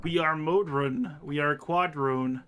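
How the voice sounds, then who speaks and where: Man doing a monotone cube machine creature. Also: fairly high pitch, slow pace, soft background music. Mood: flat. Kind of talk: reading game dialogue aloud.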